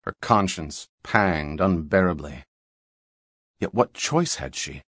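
A man narrating an audiobook in an expressive storytelling manner. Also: deep voice, slow, no echo, clean studio sound. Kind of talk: scripted narration.

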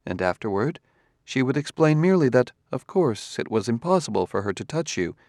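Cast a male actor as an unflappable robot detective, formal and measured, mid-pitched, dry close sound. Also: lively intonation, a little mellow, no room sound, lightly acted. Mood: relentless. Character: calm, precise male humanoid robot detective. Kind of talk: audiobook character reading.

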